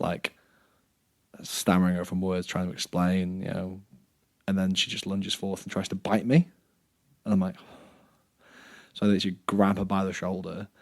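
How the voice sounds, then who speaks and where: A man hosting a podcast, telling a live-action role-play story in casual chat, dropping soft and low for sad scenes and turning loud when he jokes.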